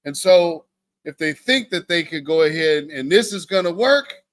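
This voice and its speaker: A man's voice: fairly high pitch, lively intonation, moderate pace. A man hosting a livestream, talking to his viewers with an emphatic, preacherly cadence. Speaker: livestream host. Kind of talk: livestream commentary.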